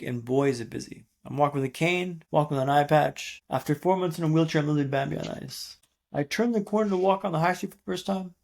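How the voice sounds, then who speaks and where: A man in his thirties speaks as a podcast guest in a dramatic storytelling way. He builds tension with repeated refrains and pauses. His voice is fairly high and gravelly, and he talks fast. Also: a little mellow. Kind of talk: storytelling interview.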